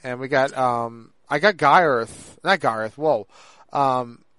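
A man's voice: medium pitch, a bit bright, no echo. Rambling man, podcast co-host, dry sound. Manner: rambling, halting with many fillers and restarts. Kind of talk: casual chat.

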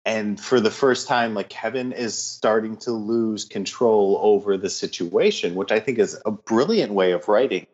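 A man co-hosting a casual podcast, relaxed and thinking aloud as he talks. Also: lowish voice, moderate pace, hardly any pauses, dull audio. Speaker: podcast co-host. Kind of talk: casual chat.

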